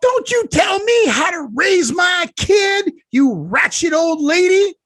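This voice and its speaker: A shrill, furious woman passenger rants and threatens at full volume, as a man puts her on. The voice jumps far above his own and hits loud, forceful peaks. The recording is close and dry. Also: very animated, slow pace, dry recording, full character voice. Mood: furious ranting. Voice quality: shrill, shouting. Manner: ranting, threatening. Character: irate loud woman passenger, middle-aged, belligerent.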